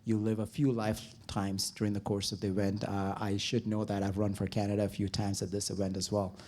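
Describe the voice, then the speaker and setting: Upbeat guy welcoming everyone, lots of uhs, lowish voice. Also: monotone, a little fast, a little mellow. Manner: upbeat, loose, many fillers. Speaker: president of a sports federation. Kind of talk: casual welcome speech.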